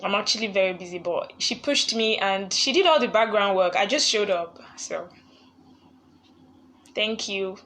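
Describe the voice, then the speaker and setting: A woman's voice: mid-range voice, moderate pace, fairly bright tone. A young woman hosting a live online session, chatting casually and laughing often as she greets viewers. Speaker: live webinar host.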